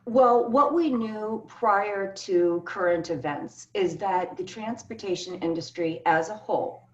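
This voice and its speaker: A woman speaking as a keynote speaker, answering panel questions earnestly and with emphasis over a video call. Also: lowish voice. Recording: echoey, distant, dull video call audio.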